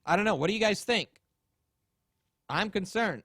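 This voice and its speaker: A man's voice: sits high, lively intonation, moderate pace, a bit bright, dry recording, studio quality. A man hosting a podcast, telling a story in casual, rambling chat, swearing and acting out quotes. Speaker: podcast host.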